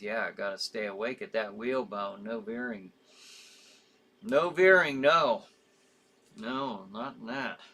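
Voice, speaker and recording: A man's voice: on the low side, sharp tone, slightly rough. Rambling male host reading comments. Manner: rambling, sympathetic, quick to laugh, many fillers and restarts. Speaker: live show host reading viewer comments. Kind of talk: casual live chat.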